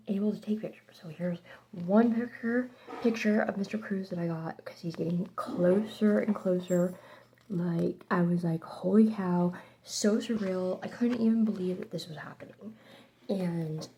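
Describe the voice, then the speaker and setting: Chatty woman with a gravelly edge. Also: on the low side, slight background noise. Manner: chatty and excitable, drifting between hushed and loud. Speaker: vlogger telling a story. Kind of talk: casual storytime.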